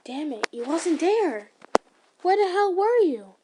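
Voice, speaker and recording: A woman's voice: high-pitched, moderate pace, background noise, close to an everyday voice. Woman reading as a curt, protective young swordsman. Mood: tense, blunt. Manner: curses under breath, terse. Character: stern young male demon slayer, protective.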